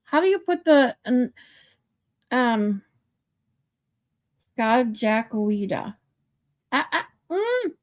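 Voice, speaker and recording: Her voice sits high and has a sing-song lilt, and she speaks slowly. She's a playful livestream host who reads viewer comments out loud and tests out pronunciations as she chats.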